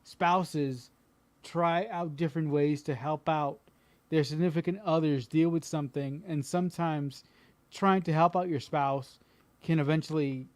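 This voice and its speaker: A man with a fairly high voice speaks earnestly in a casual chat. He works through his thoughts with plenty of fillers and um's, and the sound is dry and close. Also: steady tone, measured pace, no room sound. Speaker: podcast guest.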